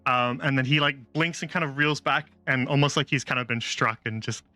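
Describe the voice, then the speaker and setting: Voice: mid-range voice, steady tone, fairly quick, bright, forceful tone, no room sound. Loose, rambling game master narrator. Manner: loose, filler-heavy narration.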